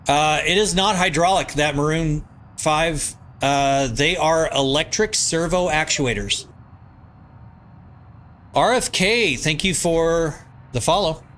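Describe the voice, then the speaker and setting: A man's voice: fairly high pitch, takes it slowly, fairly bright tone, slight background noise. A man with a nasal voice, live-streaming from his home basement, reading viewer comments aloud and answering in loose, rambling casual chat.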